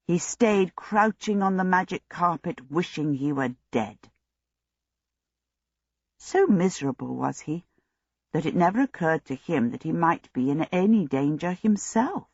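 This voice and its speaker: An audiobook narrator reading a fantasy story in a steady, measured way. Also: medium pitch, husky, dry recording. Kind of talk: scripted narration. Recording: dull lo-fi audio.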